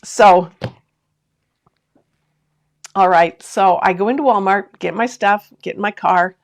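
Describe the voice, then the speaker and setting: This sewing channel host is a woman with a mid-range, creaky voice who speaks slowly. Streaming live from home, she chats with her viewers, reads their comments, and often laughs through a story. She talks right to them, full of asides and questions.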